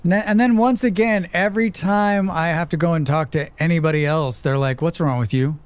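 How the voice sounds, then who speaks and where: A man's voice: fairly high pitch, fairly even intonation, brisk, clean tone, dry recording. A man streaming a game, chatting casually with viewers, swearing freely and laughing often. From United States. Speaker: livestreamer. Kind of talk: casual chat while playing, reading chat aloud.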